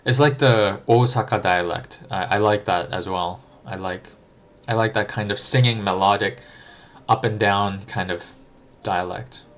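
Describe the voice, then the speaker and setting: A man's voice: fairly low pitch, steady tone, unhurried, a bit bright. A young adult man streaming live, answering chat in a reflective, thinking-aloud way with frequent ums and restarts. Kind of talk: casual livestream chat.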